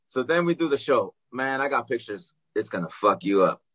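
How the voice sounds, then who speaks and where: A man telling a long story in casual chat, animated and swearing freely. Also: medium pitch, moderate pace, husky. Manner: animated, swears freely, acts out quoted dialogue.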